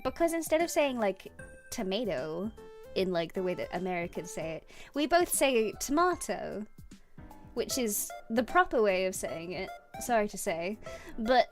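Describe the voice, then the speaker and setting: Bubbly high-pitched British woman. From Britain. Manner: bubbly and giggly, reads chat aloud. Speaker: streamer. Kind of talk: casual chat with viewers.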